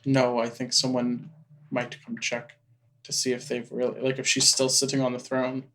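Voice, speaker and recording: Flat-voiced man playing a tabletop game. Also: mid-range voice, normal speed. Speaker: player. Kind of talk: casual tabletop play.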